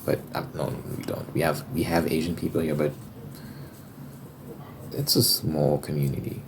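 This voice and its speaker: A young man with an extremely deep, low voice rambles loosely in a casual ASMR chat, dropping the occasional swear word. Clear noise sits under the recording, with tapping and shuffled cards behind him. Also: fairly even intonation, normal speed. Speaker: ASMR creator. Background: tapping and card shuffling noise.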